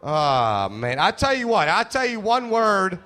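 A brash man doing stand-up comedy, crude and playful as he works the crowd. His voice is bright and forceful and sits a little high for a man. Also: sing-song, a little slow.

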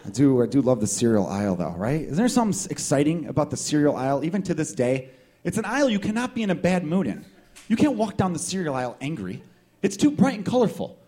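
A male stand-up comedian with a slightly high voice and a profane, riffing delivery. He works a small live crowd, swinging between loud bursts and mutters. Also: very animated, fast, breathy edge.

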